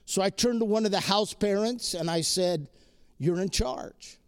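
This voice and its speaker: A man's voice: high voice, normal speed, smooth. A man giving an inspirational talk to a live audience, telling a personal story with emphatic repetition. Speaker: speaker addressing an audience.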